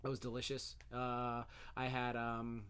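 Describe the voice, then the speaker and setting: A young man co-hosting a podcast, telling animated stories in a casual, swearing way. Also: medium pitch, measured pace, clear, resonant tone. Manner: animated storytelling, swears, does silly voices. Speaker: podcast co-host. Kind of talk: casual chat.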